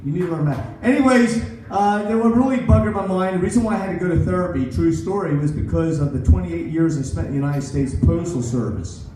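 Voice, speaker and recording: A man in his sixties performs a rambling stand-up set at a comedy club, poking fun at himself. He talks fast with hardly any pauses in a high, dark-toned voice, with a little hiss or hum, recorded from far off in the echoey club.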